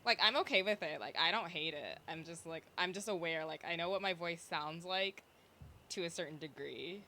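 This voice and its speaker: A young woman streamer in casual chat, rambling with lots of fillers and a slight vocal fry. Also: lowish voice, normal speed, sharp tone, slight background noise. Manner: chatty, rambling with fillers and self-interruptions.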